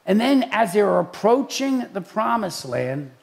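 A man preaching in a chatty way, telling stories with lively acted-out voices. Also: sits high, a little slow, vocal fry. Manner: animated storytelling, acts out quoted voices. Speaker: pastor. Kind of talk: preaching talk.

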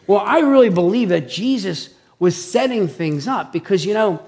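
High, gravelly-voiced man preaching conversationally. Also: moderate pace. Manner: animated, checks in with listeners by asking "okay?" and "right?". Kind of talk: conversational sermon.

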